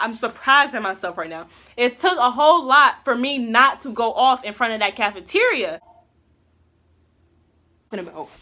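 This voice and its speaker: A young woman vlogs her story in a high, bright voice. She rambles casually, heavy on fillers and slang, and stays animated. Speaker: vlogger.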